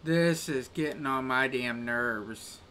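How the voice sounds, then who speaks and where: While playing a game, a man grumbles casually to his live-stream chat, breaking into exasperated little rants. His voice is medium-pitched, slow, and sharp-toned, with slight background noise.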